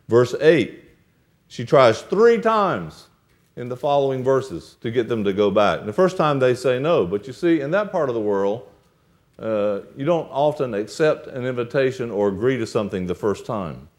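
A man's voice: medium pitch, expressive, moderate pace. A male preacher retelling a Bible story in a sermon, acting out the characters' lines as he goes.

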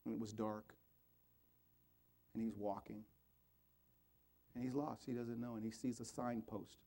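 A man's voice: lowish voice, level tone, measured pace, warm tone. A man preaching a sermon and leading an altar call and prayer, in an earnest, pleading way, his voice rising and falling. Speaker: pastor.

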